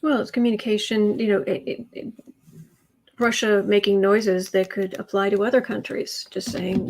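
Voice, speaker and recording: A woman hosting a casual tarot livestream from home, rambling and breaking off to calm her pets. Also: medium pitch, moderate pace, pauses often, poor audio. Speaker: tarot reader and livestream host.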